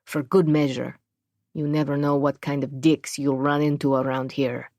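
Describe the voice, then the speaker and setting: A woman's voice: low-pitched, little pitch movement, normal speed, a little mellow, no room sound. Crude, wary male superintendent, put on by a female audiobook narrator; coarse, swearing delivery, dry close sound. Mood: grudging.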